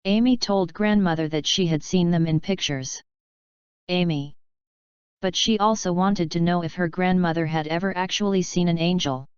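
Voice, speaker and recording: A woman reading English story passages aloud slowly and carefully, like a tutor. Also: lowish voice, clear, resonant tone, no echo, muffled recording. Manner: careful, even read-aloud.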